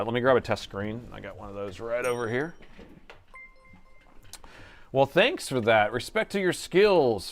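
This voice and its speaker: A middle-aged man talks loosely through a laptop repair on a live stream. He jokes with viewers and reads their chat aloud as he works, in a relaxed, chatty way. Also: mid-range voice, clear, resonant tone. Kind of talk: casual live-stream chat while working.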